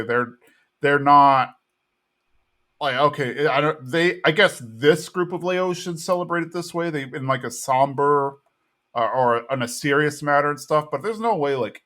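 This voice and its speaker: A man's voice: mid-range voice, fairly bright tone. A man co-hosting a podcast, recapping a TV episode in easygoing casual chat and thinking aloud as he goes. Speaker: podcast co-host.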